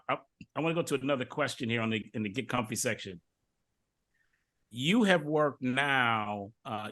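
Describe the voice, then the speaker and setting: Middle-aged male host from Detroit, bright edge, loose chatty storyteller who restarts often. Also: medium pitch. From Detroit, USA. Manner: repeats words and restarts often, relaxed storytelling. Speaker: podcast host. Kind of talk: casual interview chat.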